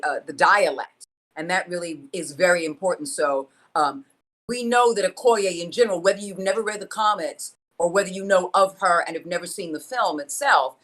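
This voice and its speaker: A woman speaks emphatically on a video call, building her points through rousing repetition. Her voice sits a little low for a woman. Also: fairly bright tone. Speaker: voice actor guest. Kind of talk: panel interview over video call.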